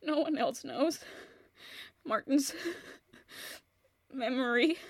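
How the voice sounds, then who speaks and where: A woman performs a heartbroken young woman in a radio drama, her very high voice cracking with tears. She talks slowly, halting and restarting her sentences, caught between grief and rage. The sound is close and dry. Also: dry recording, exaggerated voice. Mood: resolute. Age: young adult. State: tearful, voice breaking. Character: grieving young woman, distraught, bent on revenge. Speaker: voice actor. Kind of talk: audio drama monologue.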